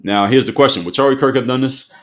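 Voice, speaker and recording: A man's voice: medium pitch, quick pace. A man hosting an opinion commentary show, speaking emphatically and repeating his points for effect.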